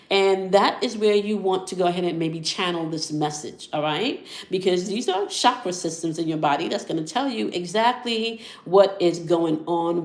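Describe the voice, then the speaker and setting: A woman leading a spiritual tarot and sound-healing session, calm and instructive, often checking in with the listener. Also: medium pitch, roomy sound. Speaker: spiritual reader.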